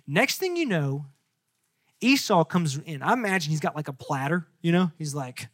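High-voiced young pastor, lively storyteller. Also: male voice, brisk, no room sound, clean studio sound. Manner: lively storytelling, acts out characters in casual slang. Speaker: youth pastor. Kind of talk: youth sermon.

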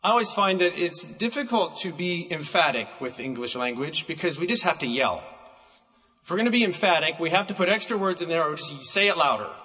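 A man preaching a sermon, emphatic and slowing down to stress single words, recorded in a church hall. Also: on the high side, pushed and bright.

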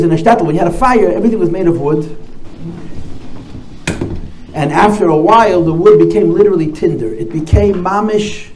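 Animated storytelling rabbi, high voice. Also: male voice. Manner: animated storyteller, repeats key phrases. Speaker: rabbi giving a talk. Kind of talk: storytelling talk at a gathering. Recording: echoey room, faint noise.

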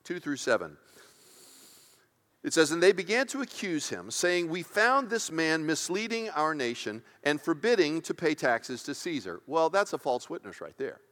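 A pastor giving a sermon in a conversational, emphatic way, often checking in with the congregation. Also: male voice, fairly high pitch, very animated, normal speed, fairly bright tone, in a large hall. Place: church sanctuary.

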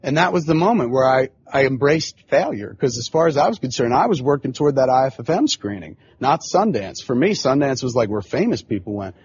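A man's voice: mid-range voice, very animated, fairly quick, hardly any pauses, a little mellow, lo-fi sound. A man in his forties hosting a podcast, telling a long casual story full of swearing and filler phrases. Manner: profane, rambling, frequent filler phrases. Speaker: podcast host.

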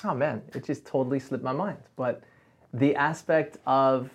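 A man's voice: mid-range voice, steady tone, moderate pace. Earnest man on a casual chat show. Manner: earnest, reflective, many soft mm's. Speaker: co-host.

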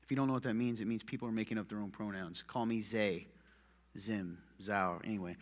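A man preaching a sermon as pastor, punchy and joking, swinging from loud calls to muttered asides. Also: on the low side, animated, a little fast. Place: church hall with long reverb. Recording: echoey church hall.

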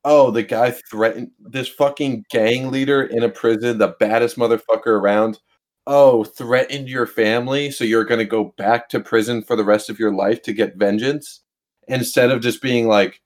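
A man's voice: medium pitch, steady tone, normal speed. A man co-hosting a casual film chat, ranting in an exasperated, profane way.

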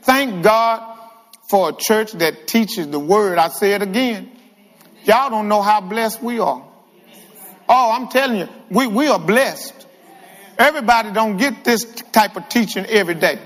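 High-voiced, animated male preacher. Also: measured pace. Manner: animated, humorous, calls out to the congregation. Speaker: guest preacher. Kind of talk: lively church sermon. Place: church sanctuary with reverb. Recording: long hall reverb in church.

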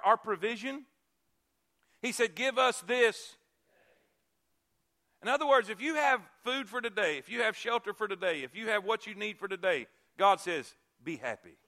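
A male pastor preaching a sermon, repeating key phrases and swinging from loud emphasis to hushed asides. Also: high voice.

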